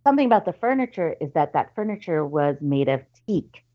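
A woman tells a spooky family story in a relaxed, chatty way. She trips over her words and restarts often, and slips into her relatives' voices. Her voice sits a little low, and the audio is somewhat dull and lo-fi. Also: a little fast. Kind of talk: casual storytelling.

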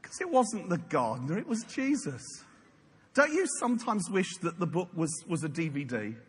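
A man preaches with playful, jokey storytelling. His voice sits high and sounds bright and pressed. A long hall reverb and faint background noise surround it. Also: very animated, moderate pace. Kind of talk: sermon.

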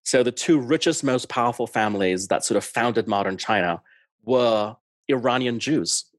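A man's voice: mid-range voice, normal speed, no room sound. Chatty man with an English accent. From Singapore. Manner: chatty, animated, laughs often, many fillers. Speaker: author and guest. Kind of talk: conversational interview.

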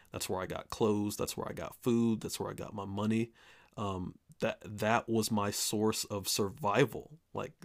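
A man casually telling a personal story, earnestly acting out the dialogue in his own voice, with restarts and wry laughs along the way. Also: lowish voice. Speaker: storyteller recounting a personal experience.

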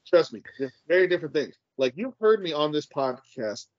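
A man co-hosts a podcast in a loose, emphatic way, with plenty of passion and casual swearing. His voice sits fairly high for a man. The audio is dull and dry, with no room sound. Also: sing-song, a little fast, darkish tone, no room sound. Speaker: podcast co-host.

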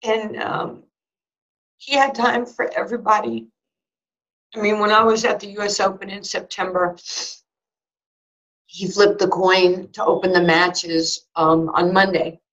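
A woman in her sixties recounts a personal story in an interview, lively and animated. She restarts her sentences often and acts out both sides of each conversation. The recording sounds a little dull and lo-fi. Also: medium pitch, a little slow, pauses often. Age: 60s. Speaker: former basketball player and sports broadcaster. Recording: slightly dull lo-fi audio.

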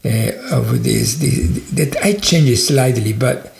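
A man from Italy, telling a story in an animated way, full of restarts. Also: medium pitch, slow pace, vocal fry, roomy sound. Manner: animated, with many restarts and fillers. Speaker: podcast guest.

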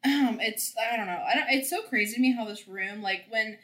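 A woman's voice: a little high, a little fast, fairly bright tone. A woman chatting casually about a film, rambling and laughing through her asides. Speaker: co-host discussing a film. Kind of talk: casual chat.

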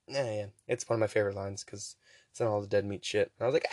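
A young man hosting a podcast, casually rambling through a movie recap with profanity and quick voice impressions. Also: medium pitch, dry recording, clean studio sound. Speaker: podcast host.

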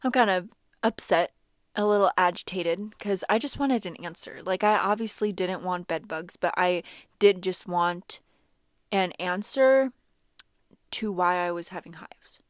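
Speaking in an unhurried, lowish voice, a young vlogger recounts something from her own life, animated and casual and saying "like" constantly. The audio is studio quality, with no echo.

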